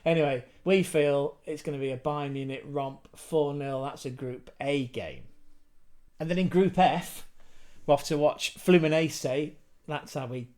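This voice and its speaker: A man's voice: a little high, unhurried, a little mellow. A man from England chatting casually to camera about football, swearing freely and wandering into rambling asides. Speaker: football vlogger.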